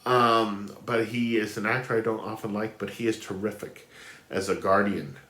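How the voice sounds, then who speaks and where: Man, film blogger, nasal with a cold, chatty and meandering, lowish voice, roomy echo. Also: steady tone, moderate pace, pushed and bright. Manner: chatty, rambling with many fillers and restarts. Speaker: film blogger ranking films. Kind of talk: casual spoken film review.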